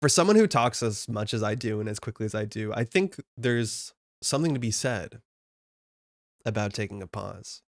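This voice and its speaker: A man's voice: on the low side, expressive, moderate pace, creaky, no room sound, clean studio sound. A young man streaming live, chatting casually and rambling as he reads chat aloud. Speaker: card game streamer.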